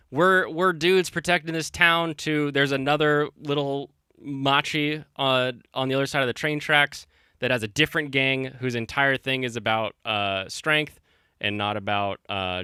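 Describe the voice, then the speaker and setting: A man's voice: mid-range voice, sharp tone, smooth, dry recording, studio quality. A man hosting a casual stream, chatting and telling a rambling story with many fillers and restarts. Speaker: stream host. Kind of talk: casual chat.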